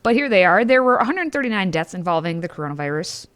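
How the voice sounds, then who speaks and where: A woman's voice: fairly low pitch, big pitch swings, quick pace, fairly bright tone, smooth. A woman co-hosting a political talk show, reading news with sarcastic asides and playful sound effects. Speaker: co-host.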